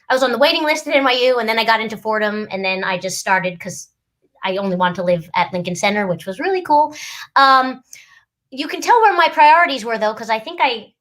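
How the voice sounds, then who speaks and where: A middle-aged woman, a voice actress and lawyer, chatting casually and animatedly, often acting out voices. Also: on the high side. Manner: animated, quick to laugh, acts out voices. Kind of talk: casual chat.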